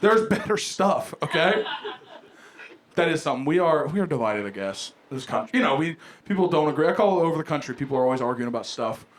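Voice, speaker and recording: Young male comic, high-pitched and brash, live club recording with the crowd audible. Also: fast, slight background noise. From Ohio. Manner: brash, profane, animated storytelling. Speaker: stand-up comedian. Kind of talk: stand-up comedy set. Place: comedy club stage with live audience.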